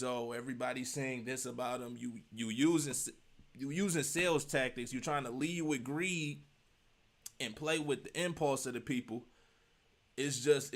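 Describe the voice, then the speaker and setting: A man's voice: fairly high pitch, fairly bright tone. Emphatic man reacting to a video. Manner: emphatic, repetitive, slangy, rhetorical questions. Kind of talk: casual reaction commentary.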